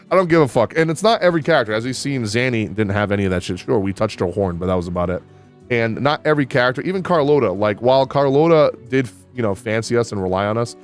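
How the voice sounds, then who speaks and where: A man with a lowish voice talks through a video game update in a loose, casual review. He is candid and excitable and swears freely. Faint music plays underneath. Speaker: gaming YouTuber.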